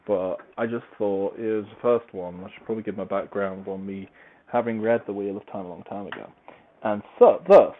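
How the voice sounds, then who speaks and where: A man talking in a casual, meandering, self-deprecating monologue while he moves about tidying his home. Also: lowish voice. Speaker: podcaster reviewing a book series. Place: at home, large open-plan room. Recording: tinny phone-like recording, faint noise.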